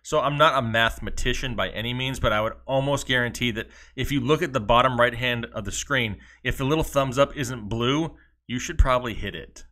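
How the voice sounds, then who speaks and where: A man co-hosting a casual live stream. He reads viewer questions aloud in quick runs and slips in dry jokes, with an easygoing chatty rhythm. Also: mid-range voice, sharp tone. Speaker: fantasy football show co-host.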